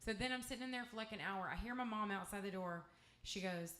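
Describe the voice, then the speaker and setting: A woman's voice: medium pitch, fast, a bit bright. A woman from East Texas with an East Texas accent, telling a candid, profane, rambling story between songs as a guest singer-songwriter. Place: music club stage. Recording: echoey live club room.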